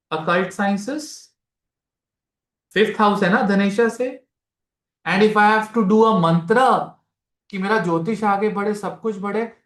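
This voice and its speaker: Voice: medium pitch, a bit bright. An astrology teacher with an Indian accent giving a live class, explaining step by step, repeating key phrases and mixing Hindi into English while quizzing students. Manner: addresses students directly with questions. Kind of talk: live masterclass lecture. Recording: echoey room.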